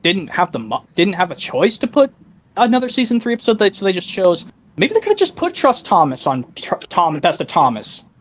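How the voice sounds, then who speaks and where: A man hosting a casual online stream chat, talking haltingly with frequent restarts over a voice call. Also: high voice, wildly swooping pitch, low-quality recording. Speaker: stream host.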